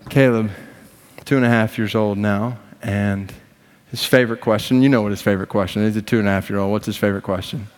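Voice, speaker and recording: A man preaching a sermon as pastor, slow and emphatic, moving from hushed tones to impassioned rises. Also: on the low side, steady tone. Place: church sanctuary. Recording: long reverb of a large hall.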